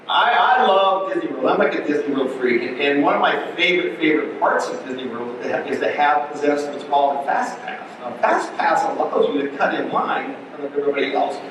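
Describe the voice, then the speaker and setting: Middle-aged male pastor, animated sermon storyteller, slightly high voice, very echoey hall from a distant mic. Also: background noise. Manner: animated storyteller with repeated restarts. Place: church sanctuary.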